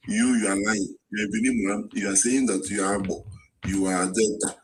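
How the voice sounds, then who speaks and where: A Nigerian man with a Nigerian accent speaks in a heated street debate with a lowish voice. He sounds accusing and dismissive, with faint noise in the background. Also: fairly even intonation, moderate pace, rough recording. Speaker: discussant.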